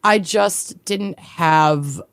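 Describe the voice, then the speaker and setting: A woman's voice: fairly low pitch, extremely slow, clean tone, no room sound, clean studio sound. A woman co-hosting a casual podcast, chatting loosely with lots of fillers and the odd swear word. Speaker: podcast co-host. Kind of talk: casual chat.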